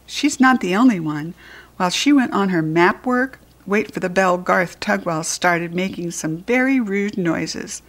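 A woman reads a children's story aloud with an expressive, lively delivery. Her voice sits slightly low for a woman. She reads it as storytelling. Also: unhurried. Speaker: narrator reading a children's book.

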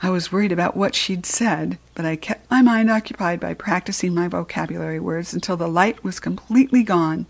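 Expressive woman reading a storybook aloud. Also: on the low side, brisk, vocal fry, few pauses. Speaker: storybook reader. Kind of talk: storybook narration, first person.

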